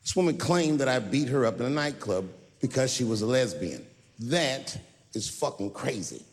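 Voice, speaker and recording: A man doing stand-up comedy, storytelling in a drawl with sudden loud bursts, on a theatre stage with a handheld mic. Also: medium pitch, very animated, moderate pace. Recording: long reverb of a large venue.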